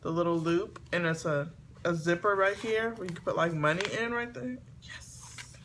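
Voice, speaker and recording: A woman chatting excitedly to camera as she opens gifts, talking to her viewers at home. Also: fairly low pitch, moderate pace, slight background noise. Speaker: beauty vlogger. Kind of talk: casual unboxing chat to camera. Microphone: camera on a tripod.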